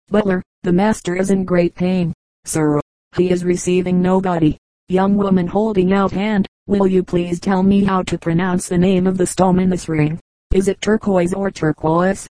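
Female audiobook reader, low mellow tone, dry close sound, steady joke-book delivery. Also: no echo, low-quality recording. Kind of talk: reading aloud a joke book.

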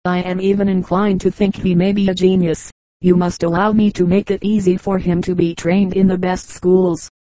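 A woman's voice: lowish voice, little pitch movement, normal speed, mellow, no room sound, close to an everyday voice, rough recording. A woman voicing a generous, respected older artist and father, speaking formally.

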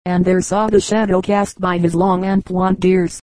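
A woman reading children's fables aloud in a measured, steady storybook narration. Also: on the low side, no echo, rough recording. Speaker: audiobook reader.

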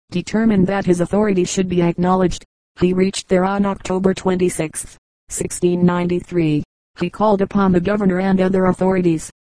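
A woman reading a history book aloud as an audiobook narrator in a measured, even storytelling manner. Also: on the low side, dry recording, rough recording. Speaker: audiobook reader. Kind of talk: scripted narration.

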